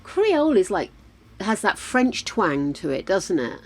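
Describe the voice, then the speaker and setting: A UK woman live streams a game, chatting casually and muttering to herself as she plays. Her medium-pitched voice is sing-song and a little slow, with faint music behind it on a low-quality recording.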